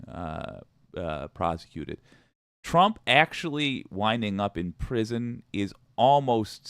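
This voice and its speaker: A man's voice: low voice, clean tone, no echo, clean studio sound. A man hosting a political commentary show, talking casually with wry, profane, rambling asides.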